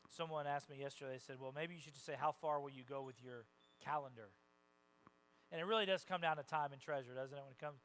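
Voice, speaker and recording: A man preaching a sermon as a pastor, conversational and animated, acting out the voices of the people he quotes and swinging from soft asides to loud bursts. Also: on the high side, a little fast, poor audio. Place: church sanctuary.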